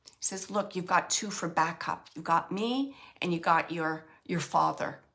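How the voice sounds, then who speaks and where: A woman giving a live mediumship reading, relaying messages in a halting, emotional way and often searching for words. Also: fairly low pitch, gravelly, a bit bright. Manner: emotional, close to tears at times.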